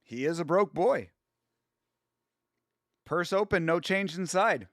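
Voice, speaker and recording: A man's voice: high voice, animated, takes it slowly, a bit bright, dry recording, studio quality. A young man hosting a casual MMA live stream, rambling and swearing freely, with many fillers. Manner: rambling, profane, filler-heavy.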